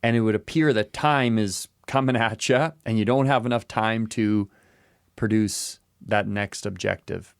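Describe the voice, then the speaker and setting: A man's voice: on the low side, fairly even intonation, measured pace, creaky, clean tone, dry recording, clean studio sound. A man co-hosting a podcast who muses in casual talk and repeats short phrases as he works through an idea. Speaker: podcast co-host. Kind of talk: casual reflective chat.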